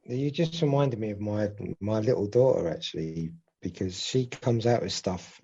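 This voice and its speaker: With a lowish, dark voice that has a breathy edge, this podcast co-host talks at a normal speed. He rambles and repeats himself in casual conversation, dropping the odd swear, over slightly dull lo-fi audio.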